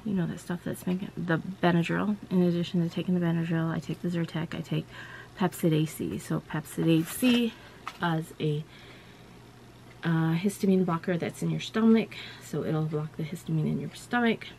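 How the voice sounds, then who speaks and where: A woman vlogger with a low, gravelly voice rambles through a personal story in casual chat, leaning on "you know" and "like" as she goes. A faint ambient hum sits behind her. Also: moderate pace, darkish tone.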